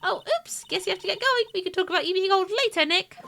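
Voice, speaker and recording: A woman's voice: very high-pitched, quick pace, gravelly, pushed and bright, voice pushed up, heavily acted. Woman doing a bubbly teasing young girl.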